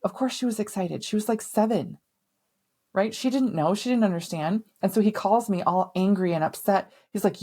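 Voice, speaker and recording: A woman's voice: mid-range voice, moderate pace, darkish tone. A middle-aged woman hosting a podcast, telling a personal story in a candid, emphatic way and swearing now and then. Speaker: podcast host.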